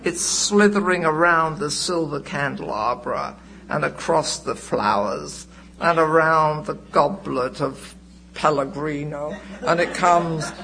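Older woman sharing her story at a meeting, slow and deliberate, faint hum behind. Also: sits low, a bit bright, poor audio. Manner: vivid, deliberate storytelling with acted-out quotes. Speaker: recovering alcoholic sharing at a meeting. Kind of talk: personal testimony.

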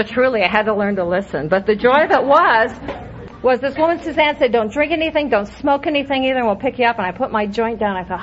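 A middle-aged woman speaks candidly at a recovery meeting, wry and easy, telling her story with bursts of laughter. The recording is muffled and lo-fi, with a faint hiss beneath her voice. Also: fairly high pitch.

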